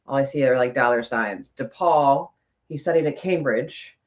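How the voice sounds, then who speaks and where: A woman's voice: very deep voice, normal speed. A woman with an East Coast American accent co-hosting a podcast, telling stories with lots of animation and acting out quotes. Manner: animated storyteller, acts out quotes. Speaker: podcast co-host. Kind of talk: casual chat.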